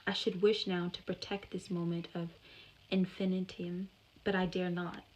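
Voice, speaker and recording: A woman reading aloud the lines of a brooding male gentleman disguised as an old fortune-teller, in a slow, dreamy delivery. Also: fairly low pitch, little pitch movement, lightly acted, poor audio. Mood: wistful.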